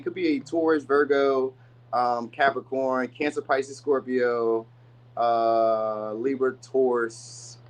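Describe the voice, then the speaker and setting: A man's voice: a little high, rough recording. Chatty, rambling man reading tarot. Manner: loose, rambling, chatty delivery with many asides; acts out quoted people in voices. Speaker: tarot reader. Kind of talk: casual tarot reading to camera.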